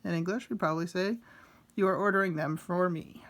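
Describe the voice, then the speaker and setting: A woman's voice: fairly low pitch, steady tone, brisk. A woman Spanish teacher working through grammar notes in a recorded lesson, explaining step by step and repeating each example.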